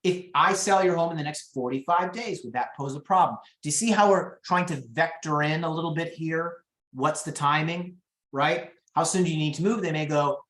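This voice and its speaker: Real estate coach on a video call teaching live, chatty, talks right at the group, acts out clients, mid-pitched voice, bit of room echo. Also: normal speed, a bit bright. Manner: chatty, coaching, addresses the audience directly, acts out client dialogue. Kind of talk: live online training session. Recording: roomy echo.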